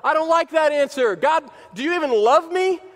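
A man's voice: very high voice, animated, moderate pace, in a large hall, pitched above the performer's own voice. A man preacher voicing a frustrated believer who complains to God in prayer, in a sermon illustration. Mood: whiny. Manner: whiny, pleading.

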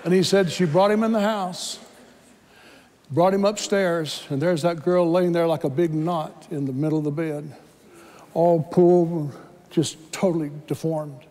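A man's voice: on the high side, fairly even intonation, a little slow, a little mellow, long reverb tail. A man preaching a sermon, telling a story dramatically and acting out the voices in it. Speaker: pastor. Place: church sanctuary.

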